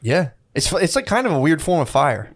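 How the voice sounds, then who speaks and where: A man in a casual chat, excitable and rambling, talking loudly. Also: on the high side, fairly quick.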